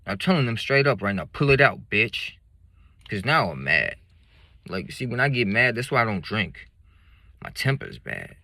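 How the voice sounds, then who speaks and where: A man's voice: fairly low pitch, sing-song, moderate pace, sharp tone, dry recording, clean studio sound. A man telling a story from his life in blunt, profane street slang. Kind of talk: casual spoken storytelling.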